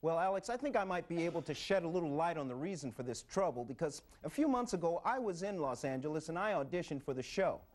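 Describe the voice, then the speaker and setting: A man's voice: on the high side, lively intonation, fast talker, hardly any pauses. Brief: male commentator, sardonic monologue, dry understated delivery. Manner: wry, dry storytelling.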